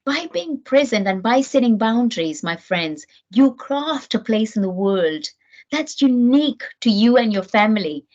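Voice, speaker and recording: Middle-aged woman, parenting speaker from New Zealand: earnest, animated delivery, fairly high voice, slightly muffled recording. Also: unhurried. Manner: earnest, animated, with frequent restarts. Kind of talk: motivational talk to camera. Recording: dull lo-fi sound.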